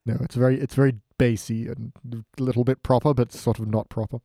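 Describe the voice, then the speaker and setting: Jokey man with a mellow voice. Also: mid-range voice, little pitch movement, quick pace, dry recording, clean studio sound. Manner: jokey, acts out quoted lines in silly voices. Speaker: podcast co-host. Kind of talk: casual chat.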